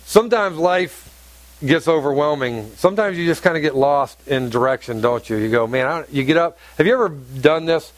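A man's voice: on the high side, normal speed, no room sound. A man preaching a sermon to a congregation, emphatic and repetitive, often asking his listeners questions. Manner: emphatic, repeats phrases and asks the congregation questions. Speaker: pastor. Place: church hall with congregation.

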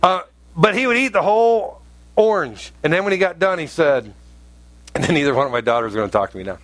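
A pastor preaching a conversational sermon, telling stories and rising to emphatic outbursts. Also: male voice, a little high, animated, quick pace.

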